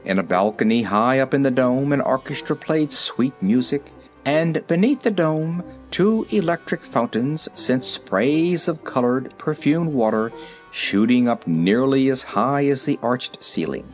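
A reader narrating a children's storybook in an expressive, varied way. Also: medium pitch, measured pace, faint music behind. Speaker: audiobook reader.

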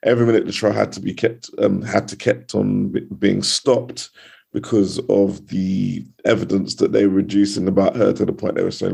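A British criminal barrister telling a story in a relaxed podcast interview, lively, with many restarts and asides. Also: male voice, fairly low pitch, normal speed, creaky, slightly rough. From United Kingdom.

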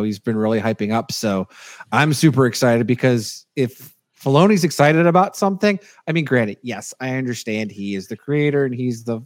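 A man's voice: medium pitch, no echo. A man co-hosting a casual podcast, with a mid-range voice. He rambles and restarts, leaning on fillers. His mic is close and dry. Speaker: podcast co-host. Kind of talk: casual chat.

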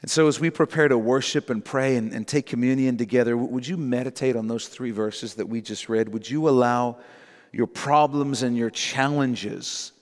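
A man's voice: mid-range voice, steady tone, moderate pace. A male pastor preaching a sermon in a church, emphatic and direct, repeating his key phrases for weight. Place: church sanctuary. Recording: long reverb in a large hall.

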